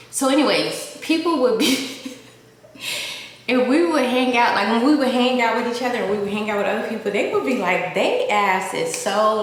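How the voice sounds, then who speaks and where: A woman in her thirties with a blend of Southern and Valley accent talks to her camera in a loose, rambling way, filling nearly every pause with "like." The room is very echoey, and a faint hiss runs under her voice. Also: mid-range voice. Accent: mix of Southern and Valley. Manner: rambling, heavy use of "like" fillers. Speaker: vlogger. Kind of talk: casual confessional storytelling.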